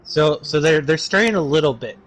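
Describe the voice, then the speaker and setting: A man's voice: on the high side, lively intonation, normal speed, noisy background. A man chatting on a gaming stream, rambling through long explanations over voice chat. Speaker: streaming guest.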